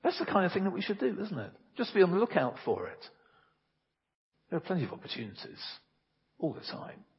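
A man's voice: sits high, wildly swooping pitch, brisk, long pauses, breathy edge. A man preaching an earnest, emphatic sermon and telling homely anecdotes, recorded in a church. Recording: reverberant hall, dull lo-fi sound.

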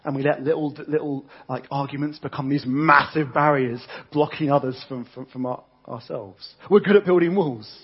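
Husky-voiced man preaching a sermon. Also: medium pitch, normal speed, hardly any pauses, dull audio. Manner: conversational, frequent restarts and repeated words.

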